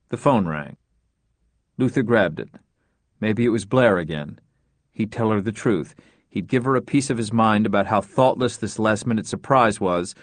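A man narrating an audiobook in a wry, measured storytelling manner. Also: medium pitch, no echo. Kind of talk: scripted narration.

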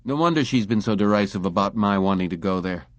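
A man's voice: lowish voice, animated, fast, no room sound, natural voice. A man voicing a drugged male clerk who speaks harshly, with a grating, hostile drawl. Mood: brooding.

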